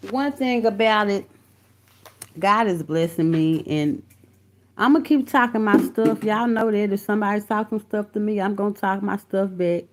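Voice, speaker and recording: On a phone or computer mic, a woman with a medium-pitched, slightly mellow voice hosts a laid-back live stream. She greets viewers by name as she reads their comments, speaking bluntly with heavy cursing and calling them honey and baby.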